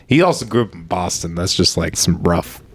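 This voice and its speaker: A man co-hosting a podcast in casual chat, animated and quick to laugh. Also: low-pitched, background noise. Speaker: podcast co-host.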